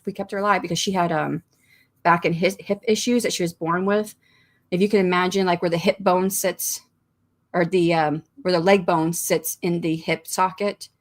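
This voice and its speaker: A woman with a slightly low voice hosts a relaxed writing livestream from home. She chats casually, reads out viewer comments and rambles, restarting often with small laughs. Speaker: livestream host of writing sprints. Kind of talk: casual livestream chat, reading comments aloud.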